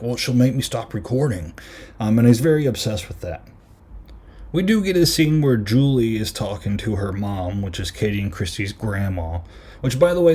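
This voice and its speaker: A man with a lowish, mellow voice talks through a film in a casual podcast review. He rambles loosely, piles on fillers, and retells scenes and lines as he goes. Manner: rambling, many fillers and retold quotes. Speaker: podcast host.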